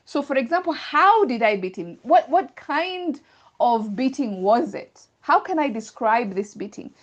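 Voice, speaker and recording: A woman with a somewhat high voice teaches grammar in a live online class. She explains patiently, building each point step by step with worked examples. Her voice comes through a video call. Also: very animated, unhurried, lo-fi sound.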